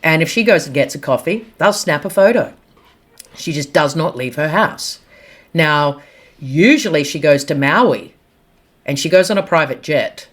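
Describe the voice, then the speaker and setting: Woman, low-ish voice, opinionated gossip vlogger, casual and blunt, laughs easily. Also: moderate pace. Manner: blunt, animated, laughs at own jokes, slangy. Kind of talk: casual opinionated monologue to camera.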